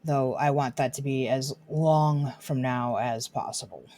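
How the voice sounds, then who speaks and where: A woman's voice: extremely low pitch, steady tone, a little slow, warm tone. A woman streaming a game from her desk at home, chatting casually and slipping into baby talk with her dog. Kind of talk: casual chat while streaming.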